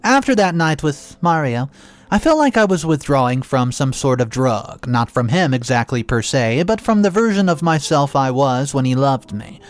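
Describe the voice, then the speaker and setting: A man narrating a first-person story in an expressive, dramatic reading with occasional restarts. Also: mid-range voice, normal speed.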